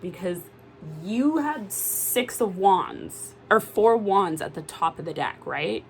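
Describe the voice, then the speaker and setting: A woman doing a casual tarot reading to camera, animated and exclamatory, swearing freely. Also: mid-range voice, slow, soft background music. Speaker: tarot reader.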